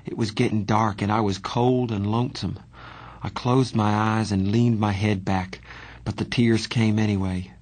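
A man narrating a novel in the first person, quiet and steady. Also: on the low side, normal speed. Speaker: audiobook narrator.

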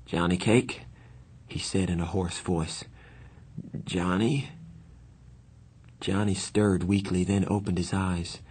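Husky low-voiced man narrating a story. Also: little pitch movement, moderate pace, few pauses, a little mellow. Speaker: audiobook narrator. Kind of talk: first-person audiobook narration.

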